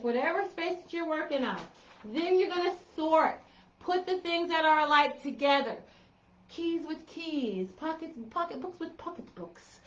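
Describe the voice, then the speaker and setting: Woman, middle-aged, professional organizer, high-pitched, repeats for emphasis, roomy echo. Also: a bit bright. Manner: chatty, playful, repeats points for emphasis. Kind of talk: casual tips vlog. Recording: roomy, slightly dull sound.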